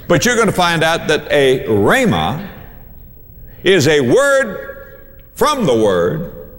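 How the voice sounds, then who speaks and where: A man's voice: mid-range voice, long reverb tail. A male pastor preaching a sermon, emphatic, repeating key phrases to drive them home.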